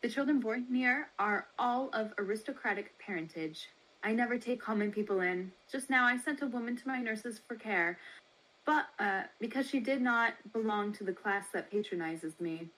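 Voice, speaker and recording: A woman reading as a brisk baby trader. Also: a little high, fairly bright tone, rough recording. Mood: businesslike. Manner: brisk, matter-of-fact reading. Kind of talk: dramatic reading of a historical article.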